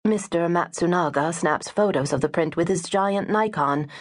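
A woman narrating a first-person audiobook, wry and expressive. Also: fairly low pitch, normal speed.

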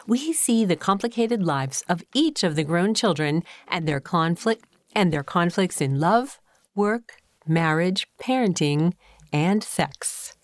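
A woman's voice: fairly low pitch, no echo. A woman hosting a radio book show who interviews guests and reviews novels in an upbeat way. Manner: lively, upbeat.

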